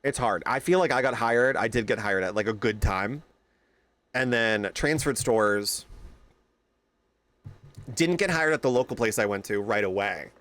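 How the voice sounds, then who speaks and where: A young man streaming, chatting casually with his viewers, telling animated stories and greeting them by name. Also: on the low side, normal speed, pauses often.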